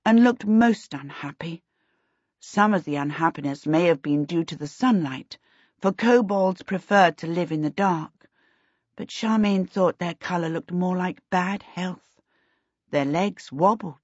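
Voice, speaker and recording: A woman narrates a fantasy novel in a measured, even way. Her voice is low and husky. The sound is dry and a little dull. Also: no echo. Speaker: audiobook narrator. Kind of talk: scripted narration. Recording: dull, dry lo-fi audiobook recording.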